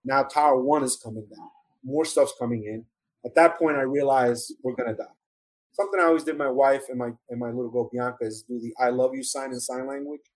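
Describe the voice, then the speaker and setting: A husky middle-aged man with a New York accent tells his story in the first person. He speaks earnestly and with feeling, often restarting his sentences. His voice sits in an ordinary middle pitch. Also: a little fast, low-quality recording. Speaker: former police officer telling his survival story. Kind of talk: first-person testimony in an interview.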